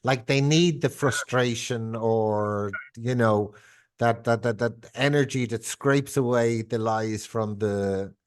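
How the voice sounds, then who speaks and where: A man hosts a conversational interview, feeling his way through questions in searching, poetic phrases. He hesitates and repeats words as he thinks. His pitch is typical for a man. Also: takes it slowly, clear, resonant tone. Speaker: podcast host.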